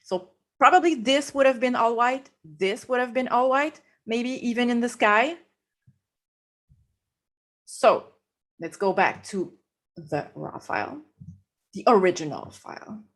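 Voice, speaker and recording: A woman's voice: on the high side, animated. A woman with a French accent walking viewers through a photo edit step by step, laughing easily. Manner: slow, explanatory, laughs easily. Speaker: guest photographer. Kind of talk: live photo-editing demo.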